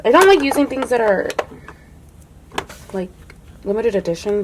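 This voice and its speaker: A young adult woman chatting casually through a makeup declutter, full of "like" and dropping to a soft hush when admiring products. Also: mid-range voice, lively intonation, normal speed, gravelly, long pauses, background noise. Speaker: beauty vlogger.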